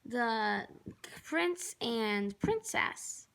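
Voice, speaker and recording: Woman voicing a puppet playmate, kids show, high voice, gravelly edge, easygoing. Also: animated, extremely slow, fairly bright tone, heavily acted. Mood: friendly.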